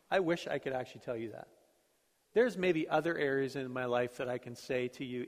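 A man's voice: mid-range voice, moderate pace. A middle-aged male pastor preaching a sermon in a conversational, storytelling way, self-deprecating about his own life. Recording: long hall reverb.

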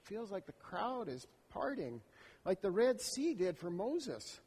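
A man with a high, breathy voice delivers a slow first-person monologue. His tone stays intimate and reflective, as if voicing his own thoughts. The recording carries a long hall reverb. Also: sing-song, darkish tone. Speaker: storyteller.

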